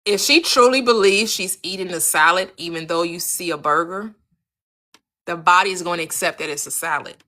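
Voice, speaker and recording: Calling out viewers by name, a woman leads a lively live-stream about manifestation, speaking briskly in a lowish, bright voice with a forceful edge. She drives points home by repeating questions and playing out little quoted exchanges.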